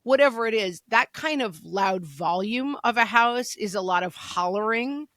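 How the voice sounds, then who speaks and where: A woman in her forties co-hosting a podcast in casual chat, telling animated stories and acting out loud quoted voices. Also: a little high, normal speed, no room sound, studio quality. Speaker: podcast co-host.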